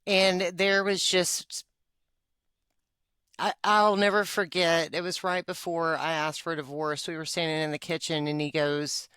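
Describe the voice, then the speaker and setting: A woman's voice: fairly low pitch, flat delivery, a little slow, a bit bright, clean tone, no room sound, clean studio sound. A woman, openly sharing personal feelings in a podcast conversation, full of fillers and laughs. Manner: emotional, confessional, with frequent fillers and laughs. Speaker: podcast co-host.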